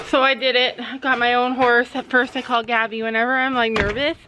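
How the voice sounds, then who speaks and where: A woman's voice: a little high, fairly even intonation, brisk, background noise. A woman vlogging outdoors in a paddock, coaxing and chatting to her horse. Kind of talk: casual vlog talk while handling a horse.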